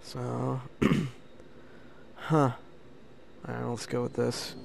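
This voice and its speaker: A man giving casual, excitable gameplay commentary, prone to frustrated outbursts and slang. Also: medium pitch, very slow, creaky, background noise. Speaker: let's play gamer.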